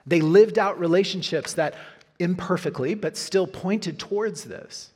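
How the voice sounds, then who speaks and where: Husky-voiced man preaching a sermon. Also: sits high, a little slow. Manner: earnest preaching, frequent "right?" asides. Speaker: pastor.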